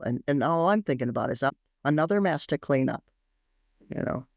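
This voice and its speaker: Low-voiced and fairly quick, with some vocal fry, a woman in her sixties shares stories in an interview as a parenting expert guest. The studio-quality audio has no echo. She animates her tales by acting out quoted voices, and at times she's on the verge of tears.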